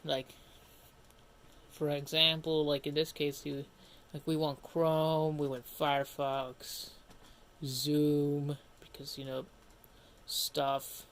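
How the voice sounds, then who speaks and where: A man's voice: fairly high pitch, monotone, slow, long pauses, fairly bright tone. A man streaming live and chatting casually as he works, rambling, breaking off mid-sentence and grumbling to himself. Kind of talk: casual livestream commentary.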